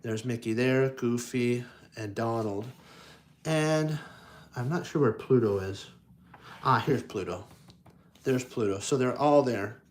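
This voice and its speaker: A man reading children's picture books aloud at a slow, unhurried pace. He stumbles and restarts often, stops to point out the pictures, and throws himself into the sound effects. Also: medium pitch, darkish tone, slight background noise. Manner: halting, with frequent restarts and self-corrections; enthusiastic, playing up sound effects. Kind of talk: casual read-aloud with commentary.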